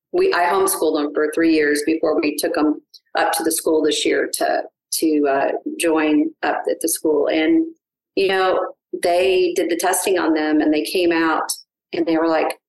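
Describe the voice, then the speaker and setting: A middle-aged woman, a guest on a podcast, telling family stories in an eager, animated way. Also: sits low, normal speed. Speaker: guest, adoptive mother. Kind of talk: casual podcast interview. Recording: roomy echo.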